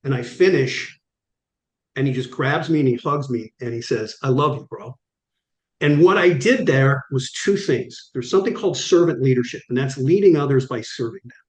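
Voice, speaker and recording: A middle-aged man tells his stories with animated drive and acts out the lines of the people in them. His voice sits at an everyday pitch, and the room around him is roomy and echoey. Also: normal speed. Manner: vivid, acts out quoted dialogue. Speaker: guest. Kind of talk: animated storytelling.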